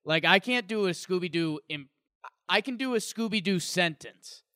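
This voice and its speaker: A man co-hosting a podcast, rambling and animated in casual chat. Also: high voice, normal speed, smooth, no echo, studio quality. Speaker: podcast co-host.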